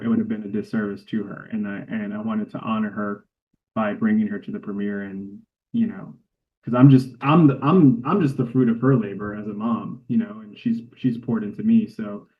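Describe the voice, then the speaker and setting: A man, a cinematographer guest, telling a heartfelt story in a casual interview. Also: lowish voice. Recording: tinny phone-like line.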